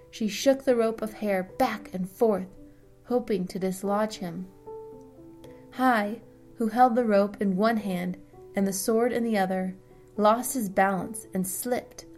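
Slow steady woman storyteller. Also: mid-range voice. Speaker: audiobook narrator. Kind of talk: scripted narration.

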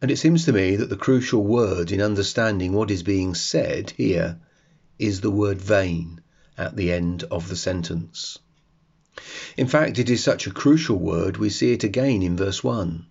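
A man hosting a devotional podcast, reading and reflecting on a psalm in a slow, measured way. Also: low-pitched, vocal fry, a little mellow, breathy edge, highs cut off. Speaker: podcast host.

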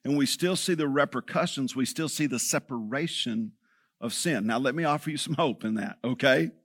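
A man's voice: mid-range voice, normal speed, fairly bright tone, no echo, studio quality. A man preaching a sermon as pastor, talking conversationally and checking in with the congregation.

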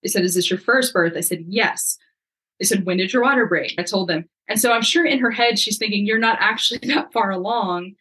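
A young woman, a podcast guest, telling a story in a lively, casual way and acting out the lines of the people in it. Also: medium pitch, a little fast, low-quality recording. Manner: lively, acts out quoted dialogue.

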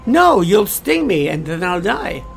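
A man's voice: sits high, sing-song, measured pace, creaky, a little hiss or hum, heavily acted, low-quality recording. A man voicing a male lion in a spoken fable, answering in short, blunt lines. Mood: wary.

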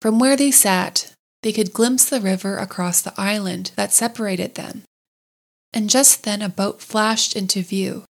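A woman narrates a classic storybook in a gentle, measured voice. Her pitch sits in an ordinary middle range, calm and unhurried. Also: gravelly. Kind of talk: storybook read-aloud.

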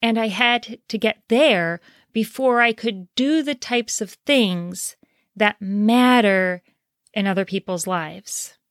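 A woman confidence coach giving an earnest motivational talk, slowing down to stress key phrases. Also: medium pitch, no room sound, clean studio sound.

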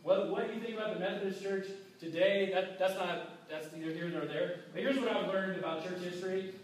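A man preaching a casual, animated sermon with restarts, acting out quoted voices. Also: sits high, brisk. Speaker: pastor. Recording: very echoey hall, mic far off.

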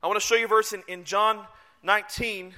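A male pastor preaching a sermon, telling the story in an animated way and breaking into shouts. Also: sits high, brisk.

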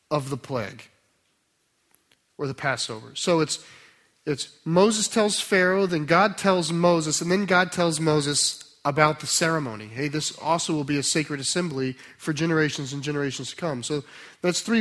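A man preaching a sermon, explaining scripture in a conversational way, then reading a passage aloud slowly and softly. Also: sits high. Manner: conversational teaching with restarts, slow and soft when reading scripture.

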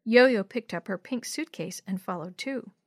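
A woman narrating a children's storybook in a clear, expressive reading voice. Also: medium pitch, moderate pace, dry recording, studio quality.

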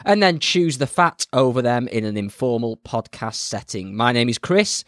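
A man's voice: mid-range voice, expressive, moderate pace, a bit bright, no room sound, clean studio sound. A man co-hosting a music podcast in casual chat, telling stories in a playful, chatty way. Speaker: podcast co-host.

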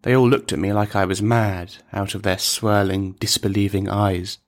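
Brief: male narrator, low voice, measured deadpan storytelling. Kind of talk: scripted narration of a dark comic story.

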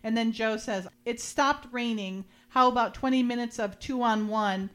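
A fairly high, fairly bright voice comes through a little slowly as this woman recaps a TV episode for her podcast. She keeps it casual, retelling scenes, quoting characters with light acting, and laughing frequently.

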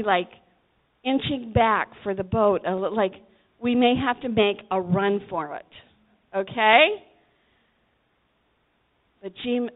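A woman preaching a sermon to teenagers, telling the story dramatically and acting out the voices. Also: mid-range voice. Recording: tinny phone-like recording.

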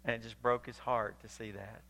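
A male pastor preaching a sermon, animated and emphatic, acting out scripture as he paraphrases it. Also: mid-range voice, fairly quick.

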